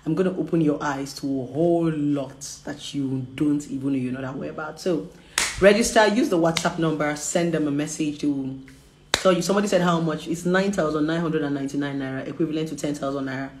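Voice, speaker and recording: A woman's voice: low voice, fairly quick, echoey room, background noise. A woman, a relationship coach, talking frankly and playfully to viewers with bursts of laughter. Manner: animated, laughing, candid and teasing. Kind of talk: frank casual vlog talk.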